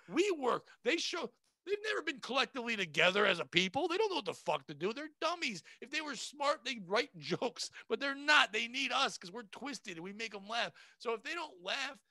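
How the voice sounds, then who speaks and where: A man who works as a comedian, talking casually on a podcast in a blunt, profane, animated way. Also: very high voice, no echo. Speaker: comedian guest.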